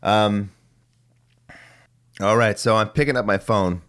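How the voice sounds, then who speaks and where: Forties male host, very low and phlegmy, rambling solo talker with some cursing. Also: steady tone, takes it slowly, a bit bright. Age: 40s. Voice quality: phlegmy voice that cracks. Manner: rambling, musing, mildly profane. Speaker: podcast host. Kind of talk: casual solo monologue.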